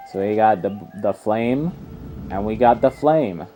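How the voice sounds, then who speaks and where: A man's voice: lowish voice, lively intonation, unhurried, warm tone. A young man giving casual, rambling gameplay commentary as a let's player. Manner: rambling and chatty, full of fillers and tangents. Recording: game music faintly behind. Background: faint game music.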